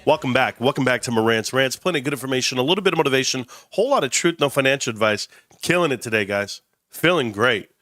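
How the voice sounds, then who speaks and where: A man's voice: medium pitch, expressive, quick pace, sharp tone, no echo, clean studio sound. A man from California hosting a casual stock market livestream, stuffed up and talking in a rambling, emphatic way with many restarts. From Indio, California. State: stuffed-up nose.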